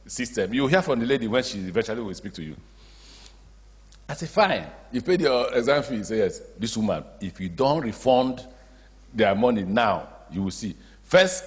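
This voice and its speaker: A man with a Nigerian accent giving a public speech as a state governor, telling stories and acting out the dialogue. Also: on the low side. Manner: storytelling, acts out dialogue, animated asides. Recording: long hall reverb.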